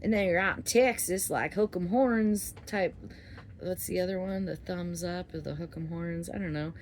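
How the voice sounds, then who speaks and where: A woman's voice: on the low side, steady tone, brisk, a little hiss or hum. Candid swearing woman vlogging outdoors. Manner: candid, swearing, swings between loud and soft. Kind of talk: casual rambling monologue. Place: outdoors under a flight path.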